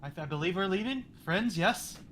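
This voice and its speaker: A man playing a tabletop game who talks quickly and jokingly with his group. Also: high voice, lively intonation, a bit bright, a little hiss or hum. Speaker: player.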